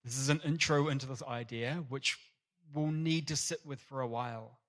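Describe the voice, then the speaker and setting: A man preaching an earnest, animated sermon in a church. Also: mid-range voice, moderate pace. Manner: earnest, animated, acts out parable voices.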